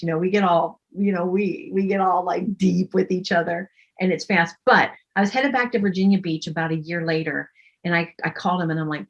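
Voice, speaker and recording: A woman storyteller telling a personal story in an earnest way, growing animated when she quotes others. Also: fairly low pitch, a little fast, highs cut off.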